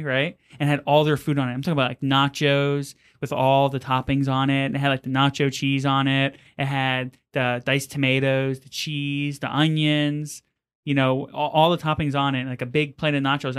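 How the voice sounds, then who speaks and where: A man's voice: medium pitch, little pitch movement, fairly quick, fairly bright tone, clear, resonant tone. A man co-hosting a podcast, telling a story in a rambling, casual way with lots of fillers. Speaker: podcast co-host. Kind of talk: casual chat.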